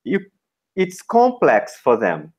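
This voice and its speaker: Lively, unhurried man coaching. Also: medium pitch. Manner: models classroom commands slowly, chunked. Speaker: teacher trainer. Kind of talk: teaching feedback session.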